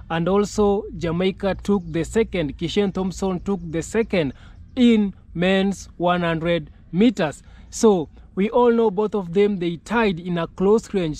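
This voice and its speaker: A man from Kenya hosting his own channel, greeting viewers formally and speaking haltingly with "uh" pauses. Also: high voice, darkish tone. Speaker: vlogger host. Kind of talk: channel intro and reaction.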